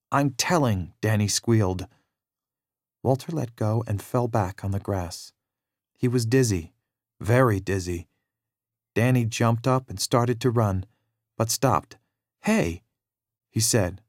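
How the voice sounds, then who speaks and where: A man narrating a children's storybook in a steady, measured read-aloud manner. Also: medium pitch, no room sound, clean studio sound.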